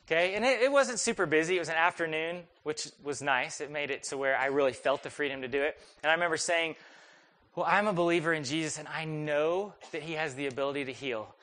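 Man, young adult, pastor, sermon, conversational storytelling, bright voice, slightly high pitch. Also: fast. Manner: conversational storytelling, animated and self-deprecating.

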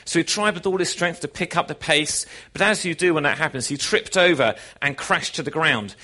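A man preaching to his congregation, telling a story with animated, folksy delivery. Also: fairly high pitch, brisk. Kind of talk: sermon with a joke.

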